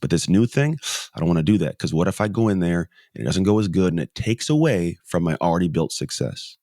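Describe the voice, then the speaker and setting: A man's voice: low voice, expressive, fast, dark tone, no room sound, clean studio sound. A middle-aged man from the United States, a podcast guest, talking emphatically and telling a story with repeated phrases. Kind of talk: motivational conversation.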